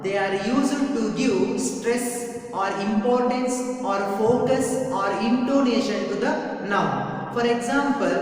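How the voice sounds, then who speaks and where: A woman teacher with an Indian English accent giving a grammar lesson, speaking deliberately and repeating each example for emphasis. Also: on the high side. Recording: echoey, reverberant room, mic far off.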